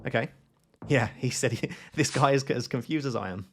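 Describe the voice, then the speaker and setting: A man giving live gameplay commentary, thinking aloud in an excitable, self-questioning way. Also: medium pitch, moderate pace. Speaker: gaming YouTuber.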